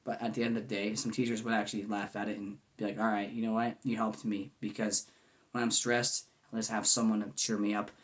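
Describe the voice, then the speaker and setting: A man's voice: fairly low pitch, flat delivery, a little fast, a bit bright. A man in his twenties talking to camera in a goofy yet earnest, rambling way, full of "man" and "you know". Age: 20s. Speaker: vlogger. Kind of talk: casual heartfelt monologue.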